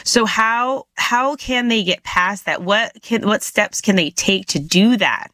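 A woman's voice: mid-range voice, measured pace, sharp tone, no room sound, studio quality. A woman hosting a talk show, enthusiastic and encouraging as she introduces her guest. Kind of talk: interview talk.

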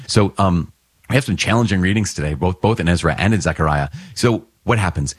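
A man's voice: low voice, brisk, husky, no echo. A priest giving an earnest, conversational Bible reflection, explaining the reading like a teacher and often checking in with his listeners.

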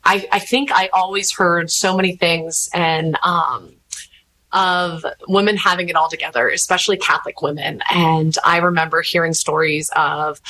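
A woman, talking candidly as an interview guest, rambling and animated as she acts out the voices of people she quotes. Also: lowish voice, normal speed, low-quality recording. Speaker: podcast host, interview guest. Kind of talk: candid conversational storytelling.

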